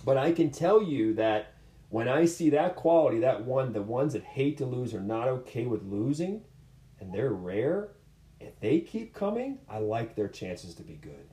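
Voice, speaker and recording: Very animated yet unhurried, this man's mid-range voice carries a dark tone. He coaches combat sports and shares stories in casual conversation, earnest and meandering with frequent restarts, and the room he's in is echoey.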